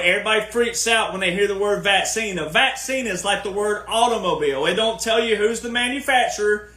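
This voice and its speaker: Emphatic high-voiced man in a roomy space. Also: bright, forceful tone. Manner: emphatic, sarcastic, lecturing. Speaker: podcast host. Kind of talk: casual podcast rant.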